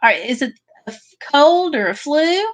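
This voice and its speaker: Woman host, slightly high voice, easygoing livestream chat, reads out comments and answers them. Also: sing-song, moderate pace. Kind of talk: casual livestream chat reading viewer comments.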